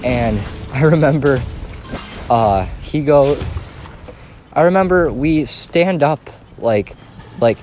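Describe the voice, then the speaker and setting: A man's voice: fairly high pitch, lively intonation, slow pace, long pauses, darkish tone, slight background noise. A young man telling a rambling, profane story in a casual vlog. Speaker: storytime vlogger.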